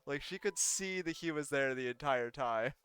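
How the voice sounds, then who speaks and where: A man's voice: a little high, moderate pace, fairly bright tone, smooth. A man casually commenting on an old game during a live stream, wry and laughing at the dialogue.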